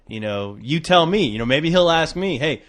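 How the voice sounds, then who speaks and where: A man co-hosting a podcast in casual chat, hesitant, with many restarts, trailing off softly. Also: fairly high pitch, animated, normal speed. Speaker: podcast co-host.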